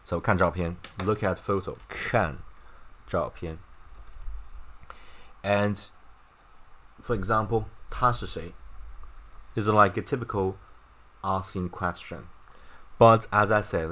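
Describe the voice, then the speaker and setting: A man's voice: deep voice, slow, long pauses, a bit bright. A man teaching a casual Chinese lesson, chatty, with wry asides and frequent "right?" and "okay?" checks. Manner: wry, mocking asides with laughs.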